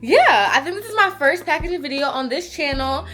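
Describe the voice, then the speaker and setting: A woman's voice: sits high, expressive, fairly quick, bright, forceful tone, soft background music. A woman, talking casually and candidly to camera in a warehouse, a bit out of breath. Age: 20s. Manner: chatty, candid and swearing. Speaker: small business owner and vlogger. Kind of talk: casual vlog talk to camera. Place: warehouse space, indoors. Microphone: handheld phone camera.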